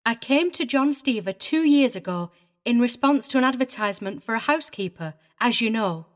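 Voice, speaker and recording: A woman's voice: a little high, animated, normal speed, close to an everyday voice. Woman playing Miss Paul, a prim tearful governess. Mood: prim, upset. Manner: prim and agitated, voice wavering. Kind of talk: dramatized audiobook reading.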